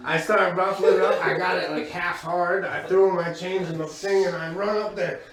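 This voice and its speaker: A man doing crude stand-up storytelling, profane and animated, laughing as he goes. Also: sits high, moderate pace. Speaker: stand-up comedian. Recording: echoey room from far off with crowd.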